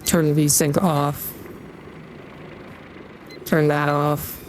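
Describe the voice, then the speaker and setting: A man's voice: fairly high pitch, little pitch movement, very slow, a little hiss or hum, poor audio. A young man streaming, chatting casually and rambling while he reads out donations, into a desktop USB mic. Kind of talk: casual livestream chat.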